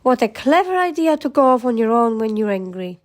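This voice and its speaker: A woman voicing a sweet, gentle young princess in a storybook. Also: a little high, big pitch swings, fairly quick. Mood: coaxing.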